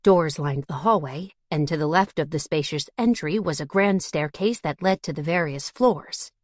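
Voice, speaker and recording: A woman narrating a fantasy audiobook in a steady storytelling manner. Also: low voice, moderate pace, no room sound. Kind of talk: scripted narration.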